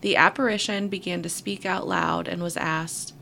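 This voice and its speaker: Woman co-host, low fry-heavy voice, steady storytelling read with dry asides. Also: moderate pace, a little hiss or hum. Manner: reads at an even pace with wry asides. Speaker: podcast co-host. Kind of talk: reading a story aloud between casual chat.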